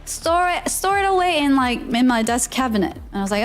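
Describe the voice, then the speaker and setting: A woman streamer telling a story casually, animated and giggly, acting out the people in it. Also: sits high, moderate pace, hardly any pauses, faint music behind.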